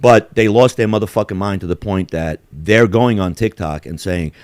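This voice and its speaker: A man's voice: on the low side, moderate pace, a little mellow, no room sound. A man hosting a podcast, talking in heated, profanity-laden rants with big swings in emphasis. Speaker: podcast host. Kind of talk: casual heated chat.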